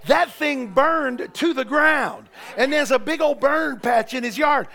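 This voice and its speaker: A middle-aged man, preaching in church with folksy joking stories that build to shouted preaching. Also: very high voice, measured pace, creaky. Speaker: pastor. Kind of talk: sermon.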